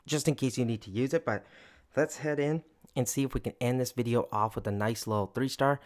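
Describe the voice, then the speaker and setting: A man giving gameplay commentary, explaining each move step by step and talking directly to his viewers in an upbeat, enthusiastic way. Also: medium pitch. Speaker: gaming video creator.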